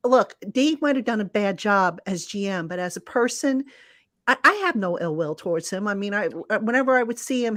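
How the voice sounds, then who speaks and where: A woman sports reporter chats in an easy, explanatory way on a live online call. Her pitch sits in the middle, and the sound is dry and close. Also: expressive, a little fast, no room sound. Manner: conversational, explains for listeners. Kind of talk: casual sports chat.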